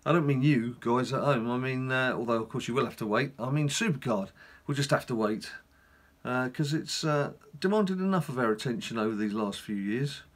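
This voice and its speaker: A middle-aged man talks through his own gameplay at an average pitch. He rambles in a relaxed, chatty way and drops in wry, self-deprecating asides as he goes. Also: normal speed. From England. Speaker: gaming channel host. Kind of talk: casual gameplay commentary.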